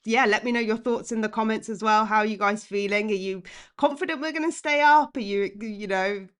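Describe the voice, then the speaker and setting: A woman's voice: medium pitch, fairly quick, fairly bright tone, clear, resonant tone. A woman, hosting a live football fan stream, chatty and impassioned as she reads out the chat. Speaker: fan channel host.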